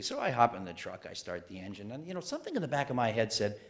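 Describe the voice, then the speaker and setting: A man's voice: medium pitch, wildly swooping pitch, fast, hardly any pauses. A man in his fifties telling a wry, self-deprecating personal story on stage. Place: museum stage.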